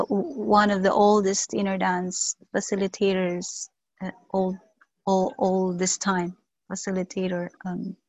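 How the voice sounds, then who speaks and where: Slow, hesitant woman on a video call. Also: medium pitch, no room sound, poor audio. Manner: slow, hesitant, many fillers and pauses. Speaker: workshop participant sharing. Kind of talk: reflective sharing on a video call.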